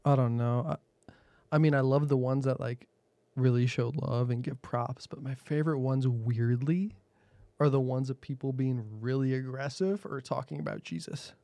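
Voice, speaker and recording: A man's voice: mid-range voice, fairly even intonation, normal speed, warm tone, dry recording. A man who hosts a podcast, answering interview questions in a blunt, profane, laid-back way and laughing often. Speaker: podcast host.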